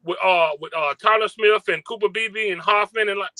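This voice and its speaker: A high, very bright male voice, recorded dry and close. He argues emphatically on a casual sports show and leans on stats to make his case. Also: fairly quick, no room sound. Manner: emphatic, argumentative, cites stats.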